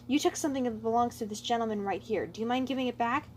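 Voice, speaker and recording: A woman voicing a calm, diplomatic young male turtle leader who speaks in a placid, authoritative way. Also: on the high side, fast, a little hiss or hum, lightly acted.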